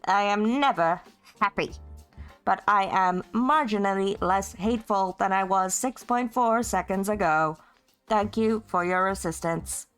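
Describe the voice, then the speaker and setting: A woman voicing a hateful, grandiose computer villain who speaks in slow, menacing, pompous decrees. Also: medium pitch, a bit bright, smooth, faint music behind, close to an everyday voice. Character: hateful old AI supervillain, bitter and grandiose.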